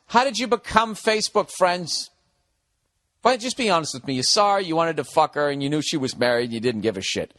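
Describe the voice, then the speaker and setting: Bright, profane comedic rant from a man. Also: on the high side, very animated, measured pace, pauses often, no room sound, studio quality. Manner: profane, riffing and emphatic. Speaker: podcast host.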